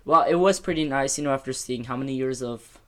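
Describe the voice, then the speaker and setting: A man's voice: mid-range voice, fast talker, bright, forceful tone. Young male guest, sarcastic, teasing banter. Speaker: podcast guest. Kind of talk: casual chat.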